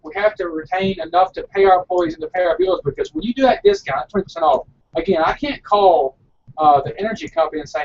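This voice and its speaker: A man's voice: high-pitched, big pitch swings, fast talker, darkish tone, recorded from a distance, highs cut off, a little hiss or hum. A man who owns a small frozen yogurt shop, chatting earnestly and a bit rambling on a casual live broadcast.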